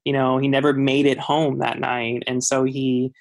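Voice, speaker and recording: A man's voice: medium pitch, little pitch movement, moderate pace, vocal fry. A man calling in to a podcast to tell a personal story in a casual, rambling way, filling his talk with "like" and acting out what people said. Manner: rambling, heavy use of "like", acts out quoted dialogue. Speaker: listener caller.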